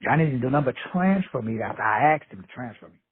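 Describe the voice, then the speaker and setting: A man's voice: mid-range voice, animated, fast talker, breathy edge. Brash profane man on a phone line. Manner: profane, brash, streetwise preaching. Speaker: motivational teacher. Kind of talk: blunt motivational talk. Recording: phone-line call audio.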